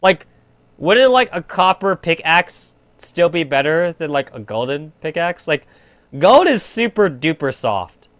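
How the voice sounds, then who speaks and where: Young man, gaming streamer, high voice, rambling crude chat, dry close sound. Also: sing-song, measured pace, a bit bright, no echo. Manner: rambling, crude, heavy use of filler "like".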